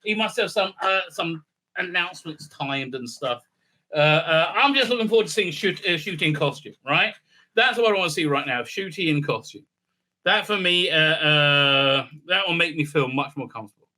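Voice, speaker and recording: Bright-voiced rambling man. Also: fairly high pitch, animated, normal speed. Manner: rambling, sarcastic, many fillers and restarts. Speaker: video commentator. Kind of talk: casual solo commentary.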